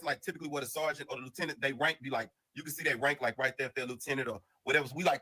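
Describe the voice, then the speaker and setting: A man telling a casual storytime monologue in an animated, slang-heavy, rambling way full of restarts. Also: on the high side, racing, husky, poor audio.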